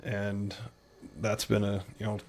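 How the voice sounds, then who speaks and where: A middle-aged man with a Utah American accent, telling rambling anecdotes in a relaxed interview, slipping into playful quoted voices. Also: on the low side, slow pace. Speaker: podcast guest. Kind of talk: casual storytelling interview.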